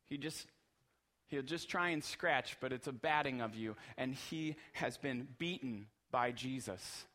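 A man's voice: mid-range voice, measured pace, fairly bright tone. A man preaching a sermon as pastor, earnest and emphatic, repeating phrases for rhythm.

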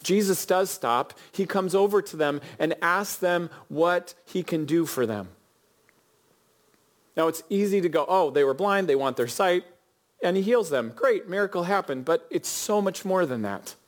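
A man's voice: high-pitched, expressive, measured pace. A male pastor preaching a sermon, telling a story and asking his listeners questions. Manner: earnest, storytelling, addresses the congregation with questions.

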